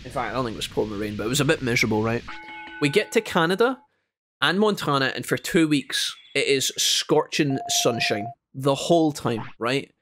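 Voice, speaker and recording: A man's voice: mid-range voice, brisk, soft background music. Chatty Scottish man gaming and storytelling. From Scotland. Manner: chatty, addresses viewers as guys, animated when telling stories. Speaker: gaming streamer. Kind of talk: casual gameplay chat with storytelling.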